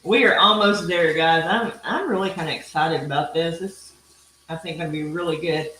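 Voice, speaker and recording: A woman's voice: sits low, moderate pace, fairly bright tone. A middle-aged woman with a Texan accent hosts a live cooking stream. She talks in a chatty, folksy way and drifts into rambling asides. The room is echoey, with a faint hiss underneath. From Texas. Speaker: cooking show host. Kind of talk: casual live-stream chat while grilling.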